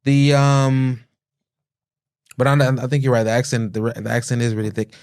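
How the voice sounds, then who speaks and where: A man from Chicago with an American accent, hosting a podcast in a relaxed, joking chat. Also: mid-range voice, normal speed, clean tone. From Chicago, USA. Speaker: podcast host. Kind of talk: casual interview chat.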